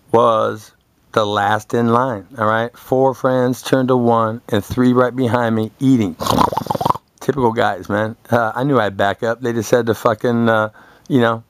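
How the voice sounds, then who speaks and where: A young male vlogger with a mid-range voice, recorded without echo, rants to camera. His monologue rambles and turns confrontational, packed with swearing and crude, boastful stories.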